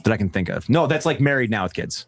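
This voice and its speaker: A man's voice: lowish voice, fast talker. Swearing, laughing young man streamer. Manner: laughing, swearing, lively banter. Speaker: live stream host. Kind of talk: casual live stream chat.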